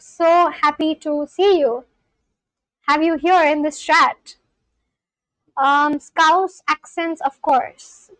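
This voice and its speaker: Here a woman learning a language runs a casual live stream, talking with viewers and reading their comments aloud as she rambles. She keeps stopping, restarting and fixing her sentences, in a high voice. The recording is rough but has no echo.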